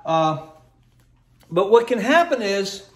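A talkative man with a notably high voice gives a chatty, grumbling home how-to walkthrough. He holds his phone camera as he talks. The sound rings around a hard, echoey kitchen. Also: big pitch swings, slow. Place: indoors by a kitchen refrigerator. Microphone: handheld phone camera. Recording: echoey room.

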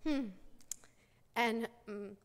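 A woman's voice: on the high side, extremely slow. A middle-aged woman giving a personal testimony at a church women's conference, storytelling with many restarts. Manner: storytelling, many restarts, acts out quoted voices. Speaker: conference speaker. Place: church sanctuary. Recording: long hall reverb.

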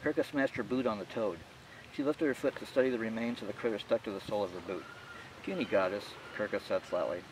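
A man's voice: mid-range voice, fast, far from the mic, background noise. Man reading his novel from afar. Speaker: author. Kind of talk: audiobook narration.

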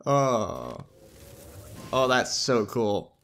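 A man's voice: on the low side, very animated, unhurried, pauses often, a bit bright. A man giving casual, joking commentary while playing a story game, reacting and laughing along.

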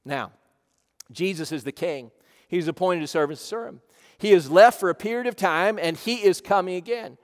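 A man from Ohio, a pastor preaching a sermon emphatically, often saying "listen" and swinging between loud and soft. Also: sits high, moderate pace, in a large hall. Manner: emphatic preaching, repeating "listen", rising and dropping volume. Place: church sanctuary.

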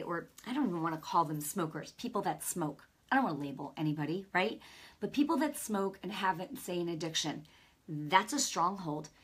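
A woman's voice: on the low side, fairly bright tone, slightly rough. A middle-aged woman hosting a Christian broadcast, preaching straight to viewers in a conversational, emphatic way. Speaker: host and Christian teacher. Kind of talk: preaching to camera.

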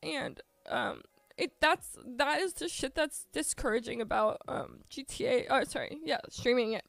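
Woman, streamer, tearful, halting, high, gravelly, dry sound. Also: fairly bright tone, no room sound. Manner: halting, full of fillers. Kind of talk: emotional talk to chat.

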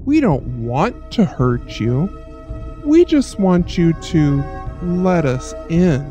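Creepy black-eyed boy, a woman doing the voice, dark and drawn-out, muffled lo-fi sound; storybook horror. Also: lowish voice, very animated, faint music behind. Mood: eerie calm. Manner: slow, smooth, dreamy menace. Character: eerie black-eyed boy, calm and menacing.

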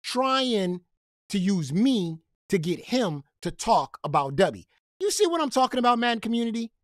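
A man's voice: sits high, sing-song, moderate pace, no echo, studio quality. A man hosting a gaming commentary channel, ranting in a profane, confrontational way and repeating himself when heated.

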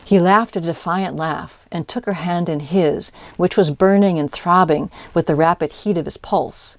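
A woman reads a classic story aloud with measured, expressive narration. Her voice sits on the low side, and the recording is dry and close. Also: dry recording. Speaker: audiobook reader. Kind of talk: scripted narration.

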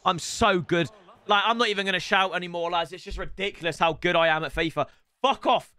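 A young man streaming a football video game, chatting to the lads in cheeky banter and breaking into loud outbursts. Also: sits high, a little fast. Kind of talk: gaming stream commentary. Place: home room with builders' noise outside. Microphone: headset.

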